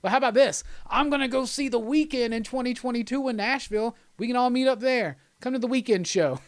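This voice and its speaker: A man's voice: very high-pitched, brisk, clean tone, dry recording. A man hosting a live stream, chatting casually in a loose, rambling, jokey way and reading out viewer comments.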